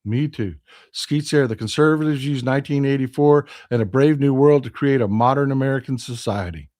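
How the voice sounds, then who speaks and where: A Texan man hosts a casual live stream, reading out viewer comments. His voice sits at an ordinary middle pitch. He talks with passion, rising into loud outrage and then dropping to quiet, hushed replies. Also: fairly quick.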